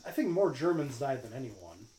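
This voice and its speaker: A man's voice: mid-range voice, sing-song, normal speed, dark tone, roomy sound, low-quality recording. A man co-hosting a podcast, chatting casually about a film with lots of fillers and restarts. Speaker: podcast co-host.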